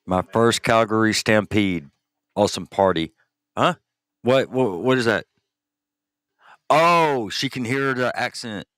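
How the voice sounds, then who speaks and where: A man's voice: on the low side, lively intonation, measured pace, long pauses, a bit bright, no room sound, clean studio sound. A Texan man hosting a podcast, chatting casually and crudely, reading listeners' messages aloud. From Texas. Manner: crude, rambling, reads chat aloud. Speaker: podcast host. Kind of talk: casual live-stream chat.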